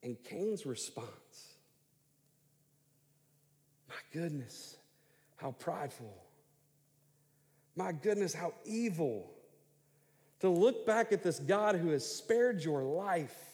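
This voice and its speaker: A middle-aged man preaching as a pastor, telling the story with lively paraphrased voices. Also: fairly high pitch, slow, long reverb tail. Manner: animated storytelling, voicing God and Cain in paraphrase. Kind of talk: sermon.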